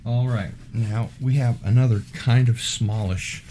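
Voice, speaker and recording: A man hosting a casual unboxing video, talking in an unhurried way with wry asides. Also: medium pitch, mellow, a little hiss or hum. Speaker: unboxing vlog host.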